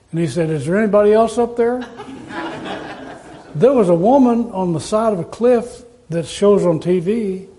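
High, mellow-voiced preacher man. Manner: folksy storytelling with rhetorical questions. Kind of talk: sermon.

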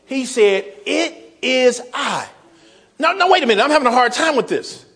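A man preaching a sermon, folksy, calling the congregation y'all, swinging from soft asides to shouted emphasis. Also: very high voice, big pitch swings, quick pace. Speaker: pastor.

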